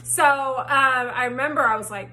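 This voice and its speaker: A young woman telling a story in a casual, animated way, swearing freely and acting out what she said. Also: high voice, moderate pace. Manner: animated, swears freely, acts out her own quotes. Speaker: storytime vlogger.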